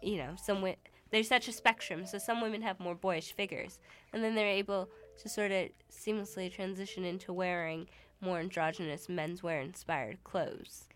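A woman's voice: fairly low pitch, fairly even intonation, moderate pace, faint music behind. A young woman co-hosting a radio show in a studio, chatting casually and thinking aloud with small restarts. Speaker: radio co-host.

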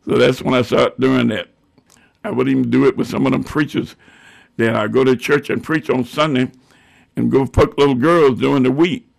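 Gravelly older man, bawdy. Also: mid-range voice, steady tone, normal speed. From Georgia, US. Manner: bawdy, growly storyteller. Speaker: guest musician. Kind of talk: storytelling interview.

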